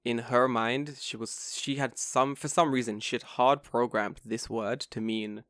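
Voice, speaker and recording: A man, co-hosting a casual podcast, telling stories in an animated way, mimicking people and swearing freely. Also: mid-range voice, a little slow, dry recording, studio quality. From England. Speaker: podcast co-host.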